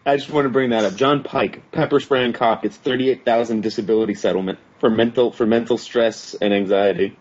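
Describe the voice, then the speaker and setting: A man's voice: medium pitch, steady tone, a little fast, hardly any pauses, a little mellow. Wry man sharing news on a podcast. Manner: brings up news, wry joking. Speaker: podcast co-host. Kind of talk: casual chat. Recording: dull lo-fi podcast audio.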